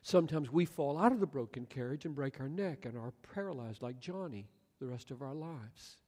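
A man in his sixties preaches with passionate earnestness, at a middling pitch. He swings from loud outbursts to hushed words, and long reverb fills the large hall around him. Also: lively intonation, a little fast, breathy edge. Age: 60s. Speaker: pastor. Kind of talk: sermon.

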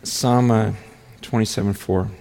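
A man preaching a sermon as pastor, earnest and repetitive, often halting and restarting his phrases. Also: on the low side, fairly even intonation, mellow. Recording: long hall reverb.

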